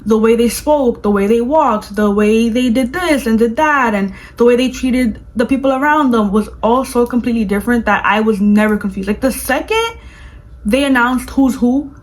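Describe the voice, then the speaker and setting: A woman vlogger reviewing a movie in casual chat, gushing and animated, with lots of "like". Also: on the high side, normal speed, low-quality recording. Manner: gushing, animated, fills speech with "like".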